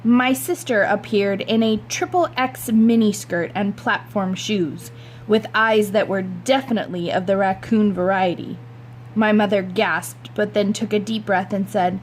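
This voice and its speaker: A woman's voice: medium pitch, fairly even intonation, a little slow, rough recording. Woman reading a novel aloud, faint hum. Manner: conversational, wry first-person narration. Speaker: reader.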